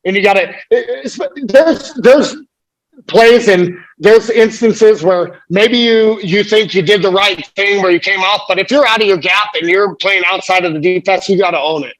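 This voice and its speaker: Amped up american dude guesting on a podcast, high voice, cussing. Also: male voice, normal speed, a bit bright, low-quality recording. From United States. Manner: fired-up, emphatic, profane. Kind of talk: casual chat.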